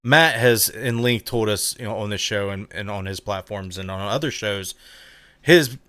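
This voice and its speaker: Chatty male host, somewhat low voice. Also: a bit bright, no echo. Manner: chatty, filler-heavy, \"real quick\". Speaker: show host. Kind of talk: live-stream interview.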